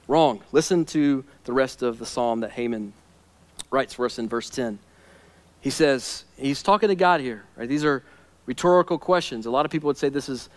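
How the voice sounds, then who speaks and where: A male pastor with a notably high voice delivers an impassioned sermon. He swings from quiet, hushed stretches to loud, pleading scripture readings.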